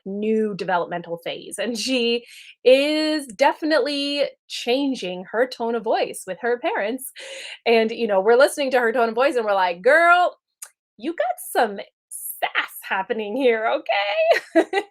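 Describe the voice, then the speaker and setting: A woman's voice: fairly high pitch, fairly quick. A woman in her thirties giving an earnest, conversational spiritual teaching talk. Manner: earnest, conversational, checks in with "right?".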